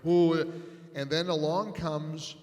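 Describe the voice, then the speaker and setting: A radio talk host telling an animated story to a live audience, building to loud punchlines, on a stage microphone. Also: male voice, a little high, takes it slowly. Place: large event hall on stage. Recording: long reverb in a big hall.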